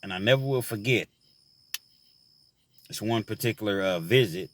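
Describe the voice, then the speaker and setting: Speaking at a moderate pace in a fairly low voice, a man reflects earnestly on his time in prison, peppering his story with "you know." He then shifts to giving advice to young men.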